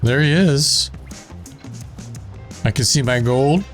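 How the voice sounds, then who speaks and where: A man's voice: mid-range voice, takes it slowly, faint music behind. A man with a Southern drawl chatting casually as he plays and narrates a building game, thinking aloud as he works. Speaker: gaming channel host.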